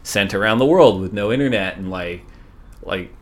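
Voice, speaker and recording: Middle-aged socal surf guy, low voice, lots of likes and restarts, just chatting. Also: normal speed. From Southern California. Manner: rambling, many fillers and restarts. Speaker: surf league executive, guest. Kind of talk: casual podcast chat.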